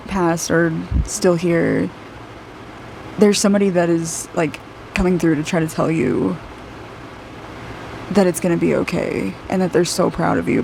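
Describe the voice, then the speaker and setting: A woman in her twenties with a low, creaky, darkish voice gives a casual intuitive aura reading while drawing. She's an aura reader and artist, chatty and rambling, saying "like" often and laughing a lot, with a little hiss or hum in the background.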